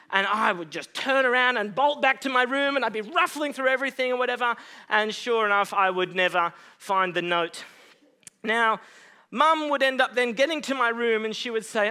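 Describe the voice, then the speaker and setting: A man's voice: very high-pitched, a little fast, sharp tone, clear, resonant tone. A young man preaching as a guest speaker in a church, chatty and self-mocking, with lots of "um"s. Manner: casual and chatty, many "um"s, self-mocking humor. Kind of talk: sermon.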